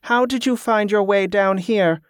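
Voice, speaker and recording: A composed spell-working monk who speaks with measured courtesy and a quiet menace, as a male narrator voices him. His voice sits a little above the narrator's own and sounds dry and close. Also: sits high, no echo, pitched above the performer's own voice. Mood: coolly menacing. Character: calm, watchful monk who works spells.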